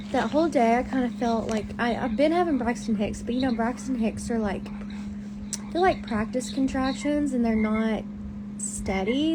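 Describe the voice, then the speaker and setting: A young woman with a lilt tells her story to viewers in a loose, chatty way, with lots of "like" and restarts. Her voice sits a little high and sounds tired. Steady hiss runs under the recording. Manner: chatty and candid, many fillers and restarts. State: hospitalized, pregnant, tired. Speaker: streamer. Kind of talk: casual live-stream storytelling to viewers.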